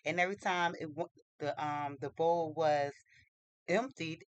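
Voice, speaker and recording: A storyteller retelling a fairy tale casually, halting, with many fillers, restarts and loose informal grammar. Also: mid-range voice, smooth, dry recording, rough recording.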